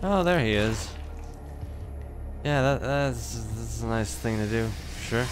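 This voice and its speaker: A young man's first shooter playthrough gets casual commentary in his mid-range, expressive voice, delivered slowly over background music. Jumpy throughout, he lets out startled yelps and plenty of swearing, mocking himself and taunting the enemies on his stream.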